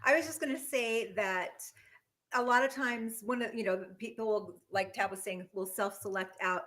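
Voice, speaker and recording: A woman's voice: medium pitch, a little slow, fairly bright tone. A woman co-organizing events who speaks encouragingly in a casual chat.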